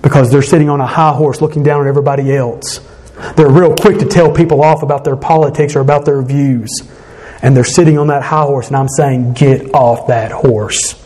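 A man's voice: on the high side, steady tone, brisk, mellow. A pastor, a man, delivers an emphatic sermon in a slightly raised voice. He speaks earnestly and conversationally, with frequent restarts and self-corrections.

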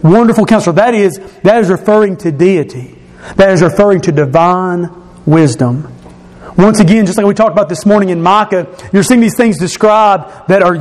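A man preaching a sermon, explaining scripture verse by verse and repeating key phrases, slowing and dropping his voice for emphasis. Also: high-pitched, a little mellow. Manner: slows and drops his voice for emphasis.

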